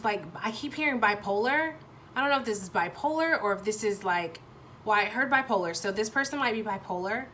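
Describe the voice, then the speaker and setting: A woman reads tarot for her viewers, thinking out loud as she goes. She stops and restarts often, hunting for the right words, and curses bluntly. Her voice sits at a middle pitch, with a faint hum of noise behind it. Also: expressive, brisk. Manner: blunt, swears freely. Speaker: tarot reader. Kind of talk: pick-a-card tarot reading, thinking aloud.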